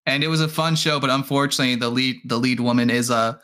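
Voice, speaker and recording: A man talks casually on a podcast, with a bright, clear tone. He tells stories at an easy pace, with fillers and dry asides. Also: mid-range voice, steady tone, quick pace. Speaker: podcast co-host. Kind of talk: casual chat.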